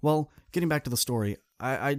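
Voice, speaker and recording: A man, a student coach and podcast host, tells a story in an earnest, direct way and speaks straight to his listeners. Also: fast talker. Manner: acts out quoted people with shifts in pitch. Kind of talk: casual podcast monologue telling a story.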